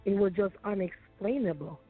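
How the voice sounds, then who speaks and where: A woman sharing a painful personal testimony as a guest, halting and repeating her phrases. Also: mid-range voice. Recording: tinny phone line, faint music.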